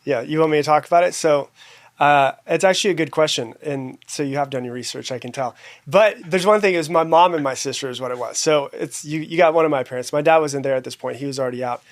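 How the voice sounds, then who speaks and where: A man's voice: on the high side, fast talker. A man, a podcast guest, telling his own story candidly and reflectively, with many fillers and restarts.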